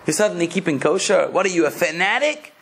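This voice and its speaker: A man's voice: high voice, animated, fast, gravelly, a bit bright, a little hiss or hum, exaggerated voice. A man putting on a scornful nosy neighbor. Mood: mocking. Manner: mocking, incredulous questioning.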